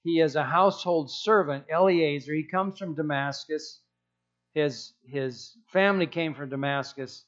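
A man's voice: fairly high pitch, a bit bright, highs cut off. A man voicing an aged man in his eighties pleading with God, worried and insistent. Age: over 80, as the figure. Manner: exasperated, pleading questions.

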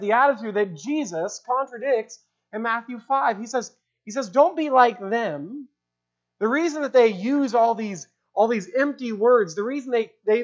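A woman's voice: fairly high pitch, dull audio. A woman preaching an expository sermon, stressing her points, asking rhetorical questions and repeating key phrases.

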